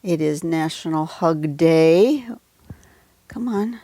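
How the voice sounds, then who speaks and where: A woman's voice: deep voice, slow pace, dark tone, dry recording, studio quality. A woman hosting a casual livestream drawing lesson, chatty and rambling with many asides, recorded on a phone at home. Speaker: drawing tutorial host.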